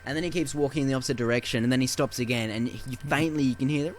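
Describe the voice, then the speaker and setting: A man's voice: mid-range voice, racing, a little hiss or hum. A man co-hosting a casual film podcast, who swears freely and acts out movie scenes with quoted lines. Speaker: podcast co-host.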